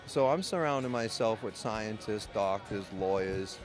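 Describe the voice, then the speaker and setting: Over music, an American man with a voice on the low side speaks unhurriedly in an interview. A medical cannabis caregiver who is also a patient, he tells his own story bluntly and profanely, rambling with plenty of restarts.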